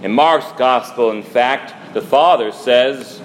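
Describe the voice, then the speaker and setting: A man preaches a sermon as a priest in a slow, measured cadence. His pitch sits in an ordinary middle range. A faint hum of room ambience lingers behind his voice. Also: rough recording. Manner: slow, measured preaching with dramatic quoted lines.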